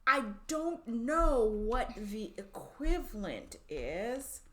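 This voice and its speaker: A woman's voice: fairly high pitch, very animated, very slow. A woman co-hosting a casual podcast chat, thoughtful and agreeable, often restarting her sentences. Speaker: podcast co-host.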